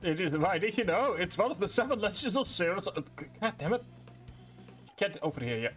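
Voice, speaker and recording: A young man casually commenting on a game as he plays it live, excitable, swearing often and reading on-screen text aloud. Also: sits high, fast talker, faint music behind. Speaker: game streamer.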